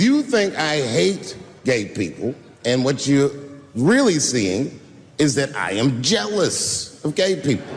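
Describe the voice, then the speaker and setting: Animated male stand-up comedian. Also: mid-range voice, slow, big-room sound, slight background noise. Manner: loose, animated storytelling with sudden shouts and put-on voices. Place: stage before a laughing audience.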